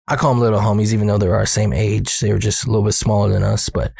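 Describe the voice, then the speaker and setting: A man's voice: lowish voice, flat delivery, fast, creaky, a little mellow, breathy edge, no room sound, studio quality. A man telling a spooky personal story in a casual, slangy way, swearing and speaking directly to the listener.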